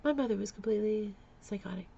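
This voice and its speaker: Vlogger woman with a gravelly edge, raw and candid, lo-fi recording. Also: medium pitch, fast, dark tone. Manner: candid, emotional, with nervous laughs and repeated words. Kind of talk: personal storytelling vlog.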